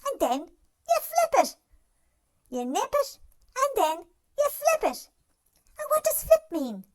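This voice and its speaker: A gentle, caring cartoon dog, voiced by a performer, offers self-help advice in scripted narration. The voice sits high and swoops with lively ups and downs. It speaks slowly and soothingly, addressing the listener directly. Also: exaggerated voice.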